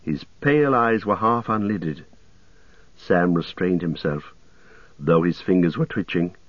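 A man reads a story aloud in a low voice at a slow, measured pace. The sound is dry and close, with no room around it. The recording is slightly muffled and lo-fi. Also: no room sound. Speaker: narrator. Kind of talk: audiobook reading.

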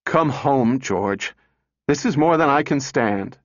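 A man's voice: medium pitch, expressive, slow pace, no echo, pitched above the performer's own voice. A man voicing an anxious mother who scolds and sounds weary. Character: anxious, sharp-tongued mother. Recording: dull dry recording.

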